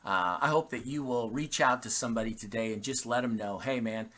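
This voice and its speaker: A man's voice: medium pitch, fairly quick, bright, forceful tone. A man speaking as a pastor, giving a short, casual devotional message to his church with frequent restarts.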